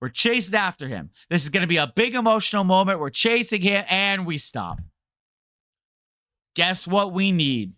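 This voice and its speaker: Bright-voiced sarcastic male streamer. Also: sits high, sing-song, moderate pace, no room sound, studio quality. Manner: rambling, sarcastic. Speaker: game streamer. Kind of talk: casual game rant to chat.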